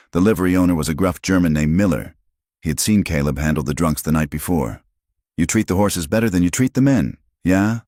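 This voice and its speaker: A man narrating a western audiobook in a steady, measured storytelling manner. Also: rumbling low, no echo, studio quality.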